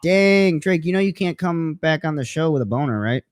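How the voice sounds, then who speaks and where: A man's voice: a little high, lively intonation, moderate pace, no echo. A young man co-hosting a casual podcast chat, joking and laughing often. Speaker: podcast co-host.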